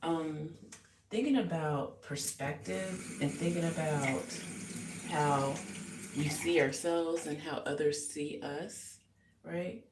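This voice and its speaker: A woman's voice: sits low, takes it slowly. Woman, casual vlog chat, rambling, reflective, echoey small bathroom, faint room hum. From United States. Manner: rambling and reflective, many fillers. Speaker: musician and vlogger. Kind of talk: casual live get-ready-with-me vlog. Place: small hotel bathroom indoors.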